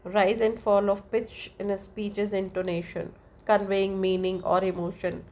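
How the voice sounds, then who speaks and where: A woman teacher giving a lecture and explaining terms step by step, often checking with "right?" and pausing on "uh". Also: mid-range voice, little pitch movement, darkish tone, slight background noise. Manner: slow, deliberate delivery with demonstrated examples. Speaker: English teacher.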